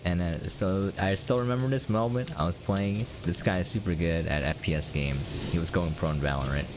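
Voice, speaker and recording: A young American man speaks with a low-pitched voice at a slightly fast pace over a noisy background. He's live-streaming a game and chatting casually, rambling and laughing often as he responds to his chat.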